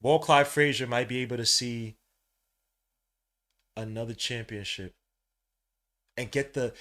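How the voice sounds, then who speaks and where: A man, hosting a fan podcast and calling a live game, swinging from low muttering to loud shouting, full of slang. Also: steady tone, measured pace. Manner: heavy slang, calls out plays between asides. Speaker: podcast host. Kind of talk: live fan watch-along commentary.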